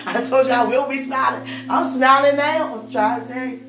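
High-voiced woman giving an emphatic faith testimony. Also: fairly even intonation, normal speed. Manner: emphatic, swinging from soft musing to loud outbursts. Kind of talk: casual spoken testimony. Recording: roomy echo with music behind.

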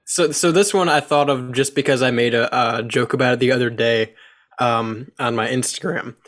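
A young adult man, a guest DJ in a casual chat, talking in a relaxed, self-mocking way. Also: mid-range voice, moderate pace.

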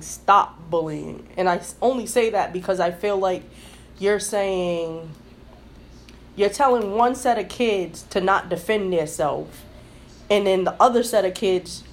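A woman's voice: mid-range voice, a little hiss or hum. A woman hosting a casual podcast discussion, asking questions and arguing her points in a conversational way. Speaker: podcast host.

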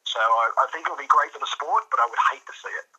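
Australian male co-host, casual chat, bright and husky, relaxed delivery with stammered repeats. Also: mid-range voice, quick pace, low-quality recording. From New South Wales, Australia. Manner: laid-back, stammering repeats. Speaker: podcast co-host.

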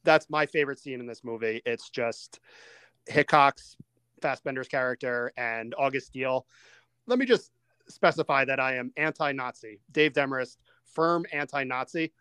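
Smooth-voiced man hosting a movie chat. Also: medium pitch, no room sound. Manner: animated, quick asides, steers the discussion. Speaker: podcast host. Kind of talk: casual movie-review chat.

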